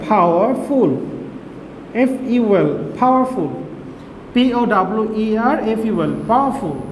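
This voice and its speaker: A man's voice: high-pitched, animated. A male teacher giving a recorded English lesson to young children, spelling out each word letter by letter. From Bangladesh. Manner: slow, spells words letter by letter. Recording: echoey room with faint hiss.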